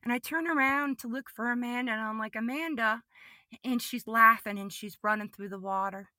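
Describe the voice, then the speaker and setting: A woman giving a podcast testimony, telling a personal story vividly and emotionally, often repeating phrases and moving between hushed and excited delivery. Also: a little high, fairly quick, no echo, clean studio sound.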